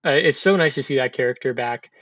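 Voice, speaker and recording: A man's voice: medium pitch, fast talker, a bit bright, highs cut off. A man casually recapping a TV episode in a chatty, loose way, with lots of fillers and restarts. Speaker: TV episode reviewer.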